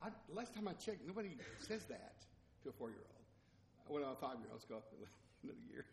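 A man's voice: a little high, big pitch swings, normal speed, a little hiss or hum. A man, preaching a conversational sermon with folksy, chuckling asides. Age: 60s. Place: church assembly hall. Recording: long reverb of a hall.

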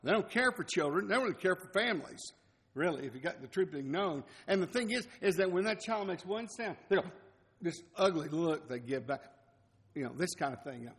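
A man's voice: high-pitched, animated, brisk, fairly bright tone. A man, preaching a conversational sermon with folksy, chuckling asides. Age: 60s. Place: church assembly hall. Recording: long reverb of a hall.

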